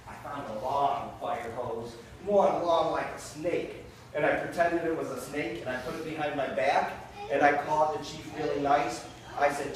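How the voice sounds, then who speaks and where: High-voiced man telling a magic story to kids. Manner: animated, keeps calling the kids "you guys". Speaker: children's magician and fire safety performer. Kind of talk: storytelling magic show for children. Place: daycare center room, indoors. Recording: very echoey room, from far off, noisy.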